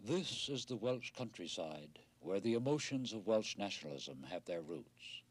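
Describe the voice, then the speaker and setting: A middle-aged man narrating a television news report in a measured, wry documentary style. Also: on the low side, very animated, breathy edge.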